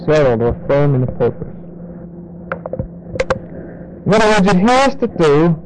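A man teaching a Bible study to a congregation, explaining word meanings and repeating key words slowly for emphasis. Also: a little high, darkish tone, slight background noise, rough recording.

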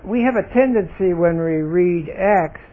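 A man leading a Bible study lesson, explaining grammar deliberately and stressing single words. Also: sits high. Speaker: Bible teacher. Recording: tinny phone-like recording.

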